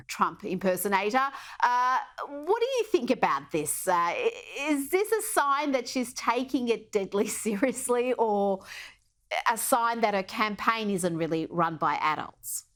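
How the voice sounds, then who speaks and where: A woman anchoring a news interview, brisk and chatty, laughing lightly mid-sentence. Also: medium pitch, expressive, a bit bright.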